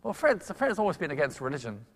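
An older man giving a public lecture, telling a science story with lively emphasis and quick asides. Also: on the high side. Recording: long hall reverb.

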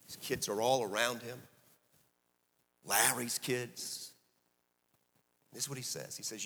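A middle-aged man preaching a sermon as a story, swinging from hushed passages to emphatic peaks. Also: medium pitch, steady tone, slow pace, creaky, long pauses. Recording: echoey hall.

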